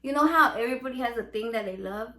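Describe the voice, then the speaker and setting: A Mexican American woman with a Chicano English accent hosts a casual home cooking vlog. She talks in a brash, playful, profane way, and her voice sits a bit high. The sound bounces around a roomy home kitchen. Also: quick pace, fairly bright tone. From United States, Mexican American. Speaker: home cook and salsa seller. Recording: echoey room.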